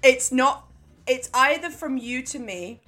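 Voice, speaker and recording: A woman's voice: sits high, measured pace, pushed and bright, soft background music. A woman co-hosting a podcast in casual chat, blunt, sweary and laughing a lot. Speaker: podcast co-host.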